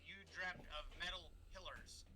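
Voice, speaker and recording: A man narrating as game master of a tabletop game on a stream, often halting and correcting himself. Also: high voice, fairly even intonation, noisy background.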